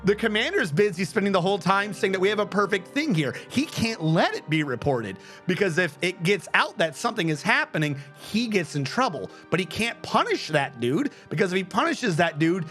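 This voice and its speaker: Man, high-pitched, casual profane rant, blunt, step-by-step explaining, faint music behind. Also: big pitch swings, a little fast, few pauses, a bit bright. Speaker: game streamer.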